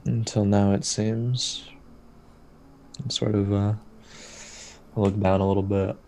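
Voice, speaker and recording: A man playing a character in a tabletop game, slow and measured. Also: lowish voice, level tone, warm tone, slight background noise. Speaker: player. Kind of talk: in-character tabletop role-play.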